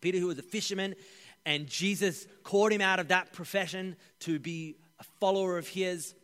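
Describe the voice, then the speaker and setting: A man preaching a Sunday sermon, his voice pitched somewhat high for a man. He builds loudly to stress points, then drops low and soft. A long reverb from a large hall trails every phrase. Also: fairly quick, smooth. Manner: animated preaching, swelling for emphasis, hushed on key points. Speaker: pastor. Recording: echoey hall.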